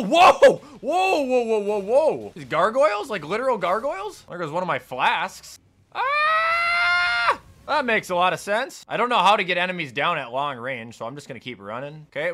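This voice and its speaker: A young man commenting on his own gameplay, swinging between shouted cursing outbursts and low muttered asides. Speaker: gaming YouTuber.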